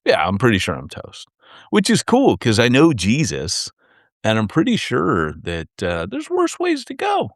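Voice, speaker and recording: A man's voice: mid-range voice, measured pace, no echo, studio quality. A man co-hosting a podcast, chatting casually and telling rambling stories with lots of restarts. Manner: animated, rambling storyteller with many restarts. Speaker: podcast co-host. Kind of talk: casual chat.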